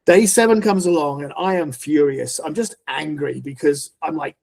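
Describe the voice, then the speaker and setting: A middle-aged man, a podcast guest, telling a personal faith testimony in earnest, halting speech full of restarts. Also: on the high side, creaky, darkish tone.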